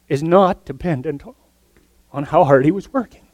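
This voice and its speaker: A man's voice: a little high, moderate pace, no echo. Earnest male preacher, dry sound. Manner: earnest, swings from loud emphasis to soft near-whispers. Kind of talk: sermon.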